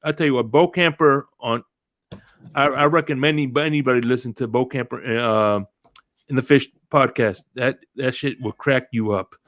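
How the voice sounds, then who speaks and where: A man's voice: medium pitch, fairly even intonation, moderate pace, fairly bright tone, dry recording, studio quality. A man hosting a casual sports podcast, rambling through stories and greeting viewers as he goes. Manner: rambling, greets live chat viewers, tells stories with quoted voices. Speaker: podcast host.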